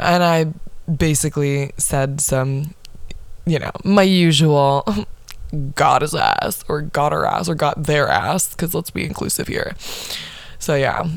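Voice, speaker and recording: A woman's voice: sits low, no echo. A young woman hosting a casual podcast, reading old posts aloud in a sassy, profane manner and laughing at her past self. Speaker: podcast host.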